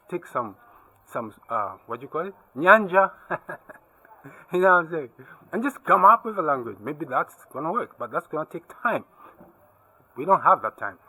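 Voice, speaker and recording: A man talks casually to camera in his vlog, lecturing with emphasis. His voice sits a bit high and swings widely in pitch, with a slightly husky edge. He keeps asking the viewer whether they follow. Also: pushed and bright, low-quality recording. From Zambia. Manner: keeps asking "you see what I mean?". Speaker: travel and tech vlogger.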